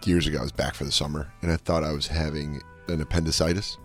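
A man's voice: rumbling low, fast, faint music behind. A man co-hosting a comedy talk show, telling stories in casual chat and acting out what other people said, recorded in a radio studio. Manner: animated storyteller, acts out other people's lines. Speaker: podcast co-host, comedian. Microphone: studio microphone.

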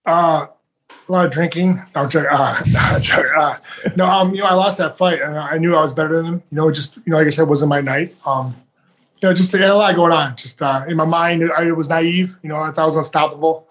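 A man speaks quickly in a rather high voice, rambling through his stories. He jumps between scenes and acts out what other people said. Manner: rambling, animated, acts out quotes. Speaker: professional fighter, guest. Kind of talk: casual interview storytelling.

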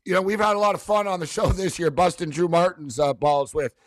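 A man's voice: high voice, fairly quick, no room sound, studio quality. A man hosting a casual sports betting show, loose and laughing, with lots of fillers. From North America. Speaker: host.

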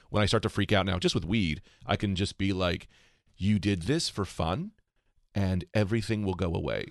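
A man comedian telling animated stories as a guest and acting out other people's lines. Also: sits low, creaky, no room sound, studio quality. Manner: animated storyteller, acts out voices. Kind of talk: casual chat.

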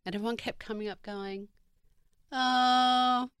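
A woman's voice: on the low side, very animated, moderate pace, fairly bright tone, dry recording, clean studio sound. A woman guest on a talk show, chatting casually in a wry, teasing way. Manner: wry, teasing, laughs often. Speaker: guest coach. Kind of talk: casual chat.

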